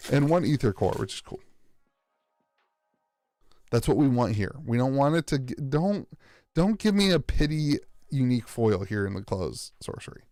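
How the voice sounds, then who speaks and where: A man's voice: mid-range voice, mellow, dry recording. An American man streaming live as he opens card packs, rambling with sarcastic, self-mocking banter.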